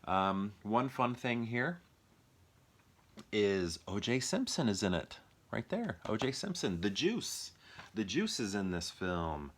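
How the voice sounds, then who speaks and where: A young man who reviews movies chats off the cuff about films from his collection, rambling with plenty of fillers and restarts. His voice is fairly low and sing-song, slow, and a bit bright.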